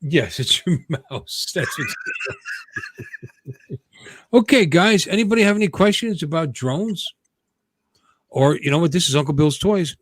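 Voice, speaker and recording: Rambling, jokey host on a dry mic. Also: male voice, a little high, a little slow, long pauses, slightly rough, dry recording. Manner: rambling, jokey, self-interrupting. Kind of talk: casual livestream chat.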